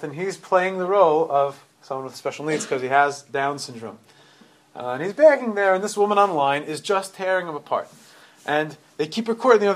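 High-voiced man telling a story to his community. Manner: animated retelling with frequent restarts and repeated words. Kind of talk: storytelling sermon.

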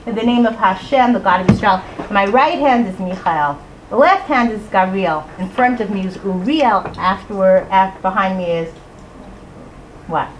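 A middle-aged woman telling a personal story to an audience in an animated way, acting out voices and rhyme lines. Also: medium pitch, slight background noise, rough recording. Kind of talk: storytelling talk.

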